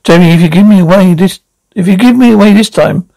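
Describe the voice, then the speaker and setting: A man's voice: sits high, fast, creaky, mellow, no room sound, low-quality recording. A man voicing a nervous young man on the run, stammering and anxious.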